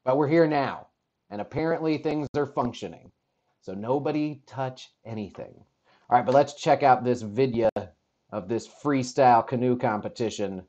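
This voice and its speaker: Man, podcast host, casual live-stream talk, rambling, wry, self-deprecating, mid-pitched voice. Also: normal speed, darkish tone, highs cut off.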